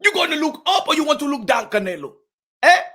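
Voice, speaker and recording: A man's voice: extremely high pitch, sing-song, fast, pushed and bright, exaggerated voice. A man putting on the voice of a male boxer who complains indignantly about being passed over for a fight. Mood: aggrieved.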